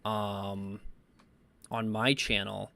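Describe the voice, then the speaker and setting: A man giving reaction commentary and reading viewer comments, halting often with fillers and stuttered restarts. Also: fairly low pitch, little pitch movement, gravelly, bright, forceful tone. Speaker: commentary YouTuber.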